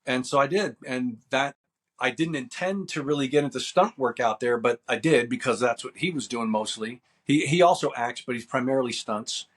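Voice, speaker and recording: A man's voice: mid-range voice, moderate pace, a bit bright. Easygoing man in his fifties. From New Jersey. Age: 50s. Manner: easygoing, rambling with fillers. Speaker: guest, actor and stuntman. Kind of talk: casual interview.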